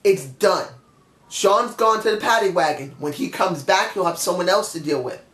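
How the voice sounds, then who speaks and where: A man's voice: sits high, expressive, normal speed, fairly bright tone, roomy sound. A man giving a casual, opinionated review monologue, chatty and often correcting himself mid-sentence. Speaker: wrestling show reviewer.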